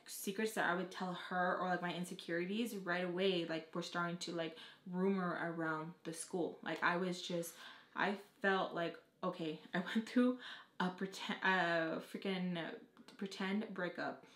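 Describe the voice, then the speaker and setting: A young adult woman telling a storytime vlog, talking fast and casually, with plenty of "like" and frequent swearing. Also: on the low side, steady tone, fairly bright tone. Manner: fast casual talk, heavy on "like", swears freely. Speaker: vlogger. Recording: echoey room.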